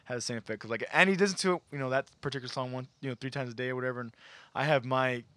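Quick talking host guy, bright voice, upbeat, keeps it moving. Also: medium pitch, no echo. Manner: upbeat, steers the talk, asks questions. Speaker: podcast host. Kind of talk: casual podcast chat.

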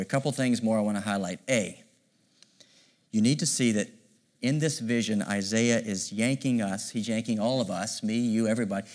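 A middle-aged man preaching a sermon in an animated, conversational way, often asking the listeners rhetorical questions. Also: mid-range voice. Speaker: pastor.

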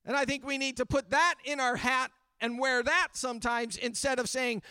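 A man's voice: very high-pitched, steady tone, moderate pace, few pauses, bright, forceful tone, smooth, dry recording, studio quality. A man preaching a sermon, earnest and building fervor with repeated refrains. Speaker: pastor. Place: church livestream during pandemic.

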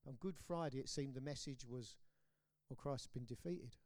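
A man with a British accent preaching a sermon, swinging between loud declarations and hushed, low lines. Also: normal speed. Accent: British English. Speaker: pastor. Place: church hall.

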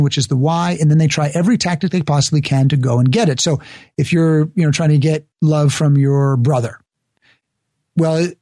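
A man being interviewed, talking earnestly and building each point with an example. His voice sits fairly high for a man. The sound is dry and close, with no room echo. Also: mellow. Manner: earnest, explains ideas through examples. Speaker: guest author and speaker. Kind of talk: conversational interview.

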